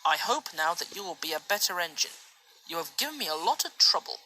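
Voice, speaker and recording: A woman's voice: fairly low pitch, very animated, brisk, pushed and bright, slight background noise, poor audio. A woman doing a stern old railway boss. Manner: scolding, then kindly. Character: stern but kind railway boss, older man.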